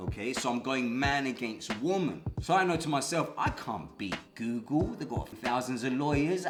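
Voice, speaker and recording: A vlogger speaks to camera about a legal fight, sounding aggrieved and emphatic and often acting out both sides of a conversation in quoted dialogue. His medium-pitched voice is animated and a little fast. The room is echoey, with music playing in the background.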